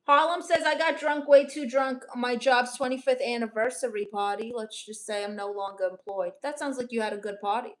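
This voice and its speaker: A young woman from Brooklyn reading out her chat on a casual livestream, dry, deadpan and sarcastic. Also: a little high, brisk, hardly any pauses. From Brooklyn, New York. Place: home in Los Angeles.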